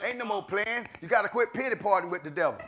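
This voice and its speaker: A middle-aged man preaching a sermon, swinging between shouted declarations and low murmured asides. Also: animated, fast.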